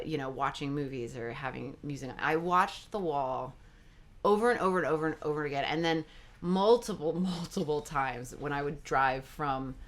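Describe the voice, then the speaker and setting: A woman guest in a casual interview, telling animated stories, laughing often and acting out quoted dialogue. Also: low voice.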